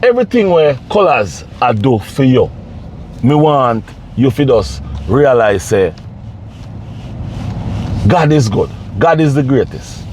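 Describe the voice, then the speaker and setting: A man's voice: medium pitch, very animated, takes it slowly, long pauses, darkish tone, a little hiss or hum. A man giving casual, pleading commentary to camera, repeating himself and preaching. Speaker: vlogger.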